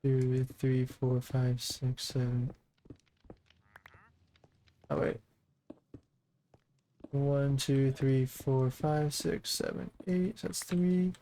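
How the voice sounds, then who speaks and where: Relaxed streamer counting blocks aloud. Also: medium pitch, drawn-out words, long pauses, slight background noise, poor audio. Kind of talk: casual game commentary.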